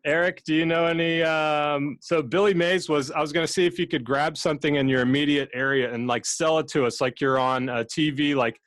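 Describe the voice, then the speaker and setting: A man hosting a live game show over a video call, talking in a relaxed, chatty way with plenty of fillers. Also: on the high side, brisk, hardly any pauses, dry recording.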